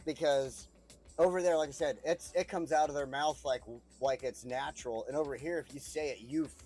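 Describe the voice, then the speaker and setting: A man's voice: on the high side, fairly even intonation, a little fast, darkish tone, soft background music. A man chatting casually while streaming a city-building game, rambling and swearing freely with frequent chuckles. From United States. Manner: rambling, profane, chuckles often. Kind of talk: casual gameplay commentary.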